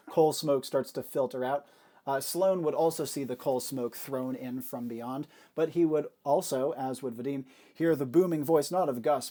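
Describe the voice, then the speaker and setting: A man's voice: mid-range voice, dark tone. A man narrating a tabletop game as game master, describing the scene with frequent fillers.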